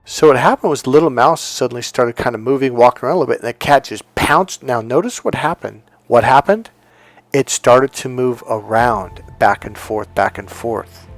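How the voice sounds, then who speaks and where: A man's voice: mid-range voice, moderate pace, no echo, faint music behind. A man who works as a dating coach tells a story in a casual monologue, emphatic and repeating key words.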